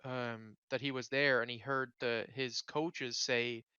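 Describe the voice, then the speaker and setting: A man's voice: medium pitch, fairly even intonation, takes it slowly, bright, forceful tone, clear, resonant tone, no room sound, muffled recording. A man hosting a casual podcast chat, rambling with lots of fillers and swearing freely. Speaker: podcast host.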